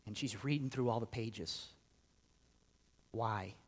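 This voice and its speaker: A middle-aged man preaching a sermon, telling a personal story with animated swings from loud emphasis to quiet asides. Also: lowish voice, slow, breathy edge. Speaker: pastor.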